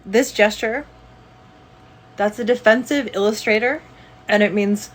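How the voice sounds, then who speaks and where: A woman's voice: mid-range voice, unhurried. A woman giving casual commentary on a video clip, explaining body language and laughing often as she goes.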